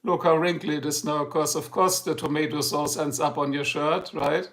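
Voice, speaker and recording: Speaking at normal speed in a fairly high, slightly bright voice with fairly even intonation, a middle-aged German-accented man hosts a casual livestream. The native German speaker rambles, jokes, and calls out viewers in chat by name.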